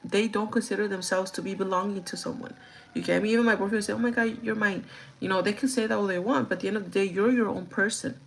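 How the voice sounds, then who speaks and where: A woman chatting casually on a livestream, blunt and profane, telling stories with animated quoted voices. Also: mid-range voice, fast, creaky, low-quality recording. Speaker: live streamer.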